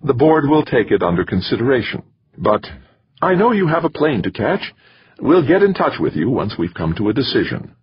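A man's voice: medium pitch, sing-song, moderate pace, slightly rough, no echo, highs cut off, pitched above the performer's own voice. A man reading an audiobook, voicing a condescending female board chairperson in a raised, sweet tone. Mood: dismissive. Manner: condescending, sugary.

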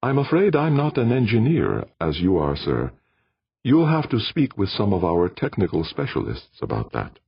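A man voicing a calm, courteous male alien host who speaks in a polite, measured way. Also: mid-range voice, slightly rough, no room sound, highs cut off, pitched above the performer's own voice.

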